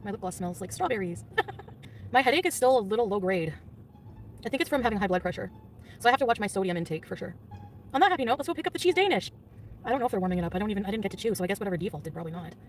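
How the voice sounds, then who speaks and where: A woman's voice: mid-range voice, lively intonation, very fast, far from the mic, a little hiss or hum. A woman vlogger in casual, rambling chat with her viewers, often giggling, recorded on a phone.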